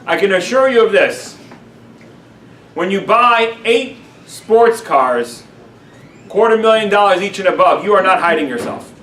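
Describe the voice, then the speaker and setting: A man, a rabbi, teaching a class in a lively way, speaking to the room and acting out his examples. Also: high voice, unhurried, pauses often. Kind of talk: classroom lecture. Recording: roomy sound from a distant mic, faint background noise.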